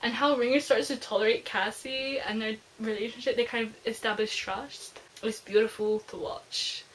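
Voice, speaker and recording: A woman's voice: a little high, steady tone, normal speed, fairly bright tone, slight background noise, poor audio. A young woman gushing emotionally through a casual book review on her vlog. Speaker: book vlogger.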